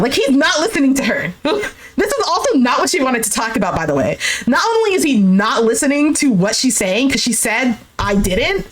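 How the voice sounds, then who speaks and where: A young woman giving a casual, indignant recap of a dating show, acting out the quoted lines in a lower voice and swearing freely. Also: a bit bright, a little hiss or hum. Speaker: recap streamer.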